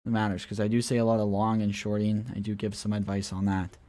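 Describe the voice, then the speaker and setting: A man's voice: lowish voice, completely flat delivery, fast talker, mellow. Man chatting on a crypto livestream. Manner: talks straight to viewers, calling them guys, answering chat questions; mocking and ranting at times, with scoffing laughs. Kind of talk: casual livestream chat.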